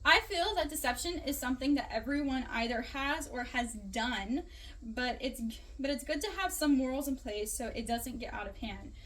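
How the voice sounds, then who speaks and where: A woman's voice: sits high, expressive, moderate pace, a bit bright. A young woman, a student, casually reflecting aloud on a class assignment in a chatty, rambling way with many fillers.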